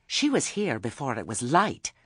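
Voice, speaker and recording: Man voicing prim, resentful committee lady, fussy, husky, pitched up. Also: huge pitch swings, normal speed, no echo, clean studio sound.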